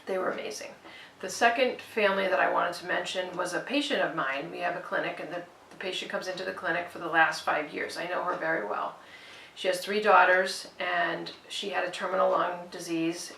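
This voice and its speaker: Woman, clinic worker, heartfelt speech, gravelly bright voice, far from the mic in an echoey room. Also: fairly low pitch, a little hiss or hum. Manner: earnest, repeats herself, quotes people in conversation. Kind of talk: heartfelt personal storytelling speech.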